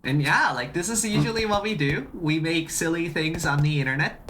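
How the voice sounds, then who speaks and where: A streamer chatting casually on a live stream, excitable and often repeating phrases while greeting chat. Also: medium pitch, moderate pace, slight background noise.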